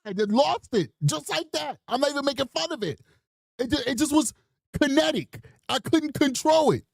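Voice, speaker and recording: Man, true crime stream host, high swooping voice, emphatic, mocking, dry close mic. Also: lively intonation, moderate pace, creaky, dry recording. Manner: emphatic, mocking, mimics people in bursts. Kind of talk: animated live-stream commentary.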